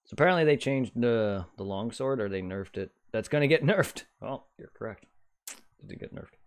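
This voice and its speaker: A man's voice: medium pitch, lively intonation, moderate pace. A man chatting casually while streaming a game, rambling and humming to himself as he reads aloud. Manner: rambling, mutters and hums while reading. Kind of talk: casual live-stream gaming chat.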